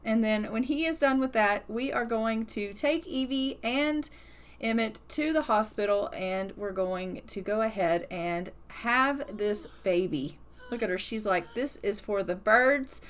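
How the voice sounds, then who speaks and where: A woman's voice: a little high, measured pace. A young adult woman giving casual, chatty commentary as she plays a life-simulation game. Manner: chatty, storytelling, upbeat. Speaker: gaming YouTuber.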